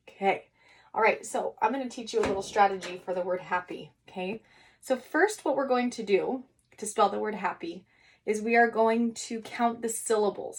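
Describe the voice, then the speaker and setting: Woman teacher sounding words out for kids. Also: a little high. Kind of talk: recorded writing lesson for young children.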